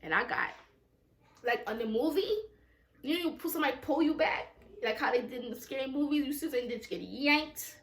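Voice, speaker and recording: A woman's voice: high-pitched, animated, brisk, echoey room. A woman telling a personal story time at home, in a raw, emotional, profane way with many repetitions. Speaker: vlogger.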